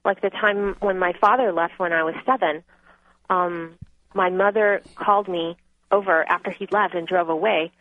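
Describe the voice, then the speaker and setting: A woman's voice: fairly low pitch, fairly even intonation, normal speed. A woman guest author telling her own story earnestly and candidly in a phone interview. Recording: tinny phone line.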